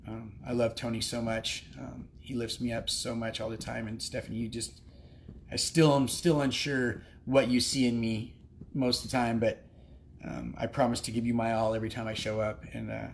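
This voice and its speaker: A man gives a heartfelt, rambling speech from a cafe during a livestream. His voice stays flat and even in pitch while he pauses often on ums and restarts his sentences. A light hum of faint background noise sits under him. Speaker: recovery cafe member sharing his story. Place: recovery cafe.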